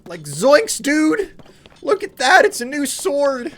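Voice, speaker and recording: A man doing a laid-back, goofy young slacker dude with a high, drawling voice that swoops up when excited. The voice jumps far above his normal speech. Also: slow pace, exaggerated voice. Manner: high, drawling surfer-style voice. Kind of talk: streamer doing a character voice while playing.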